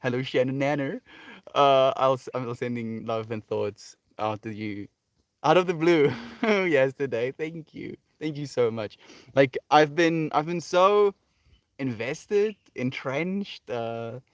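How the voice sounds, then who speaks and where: A man hosting a daily livestream, talking in a soft, meandering and reflective way, with many fillers and restarts. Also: mid-range voice, slow, clear, resonant tone, no room sound, clean studio sound. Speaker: livestream host. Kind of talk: reflective spiritual livestream talk.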